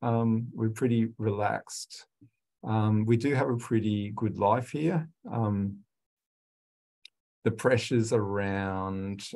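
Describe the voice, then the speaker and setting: Man, low voice, unhurried and relaxed, filler-heavy student presentation. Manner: slow, relaxed, many "um"s and restarts. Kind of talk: informal lecture to international students.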